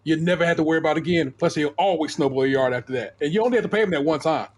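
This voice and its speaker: A man's voice: on the high side, rapid-fire. A middle-aged man on a podcast, casually telling a profane story and acting out the people in it. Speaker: podcast co-host.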